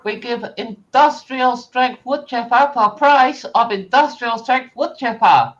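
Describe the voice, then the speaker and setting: A man voicing a pushy male mail-order phone salesman who talks in loud, clipped, broken sales phrases. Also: extremely high pitch, measured pace, dull audio, voice pushed up. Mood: pushy sales pitch.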